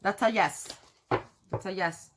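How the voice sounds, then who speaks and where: A woman's voice: medium pitch, unhurried, noisy background. A woman reading tarot cards to her viewers in a casual, chatty way, laughing often and cursing now and then. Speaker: tarot reader.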